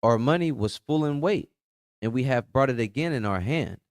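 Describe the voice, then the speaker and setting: A man's voice: mid-range voice, normal speed, no echo, clean studio sound. Man reading scripture aloud plainly. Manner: steady, plain reading of archaic text. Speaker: scripture reader in a Bible study.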